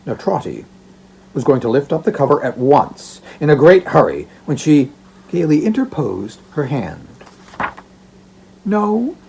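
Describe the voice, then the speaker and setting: A man's voice: mid-range voice, very animated, moderate pace, gravelly, mellow, slight background noise. A man narrating a classic story aloud for an audiobook, in a theatrical storytelling manner. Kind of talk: expressive narration of a classic novella.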